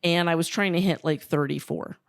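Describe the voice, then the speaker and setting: A woman co-hosting a podcast, telling a story in a casual, animated way and swearing freely. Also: lowish voice, a little fast, gravelly, no echo, clean studio sound. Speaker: podcast co-host.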